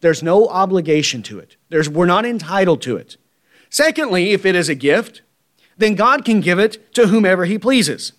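Male preacher, high voice, emphatic and repetitive delivery, sermon style. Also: lively intonation, normal speed, fairly bright tone. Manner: emphatic, repetitive, asks the congregation "right?".

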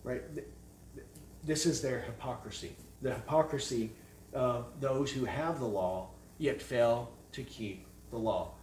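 A man preaching an expository sermon, forceful and emphatic, firing off rhetorical questions. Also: mid-range voice, unhurried, a little hiss or hum. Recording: echoey room, mic at a distance.

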